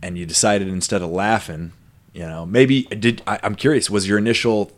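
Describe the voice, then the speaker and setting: A man's voice: lowish voice, fairly even intonation, moderate pace. A man hosting a podcast, telling a long story in a rambling, casual way full of fillers and asides. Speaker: podcast host. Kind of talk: casual conversation.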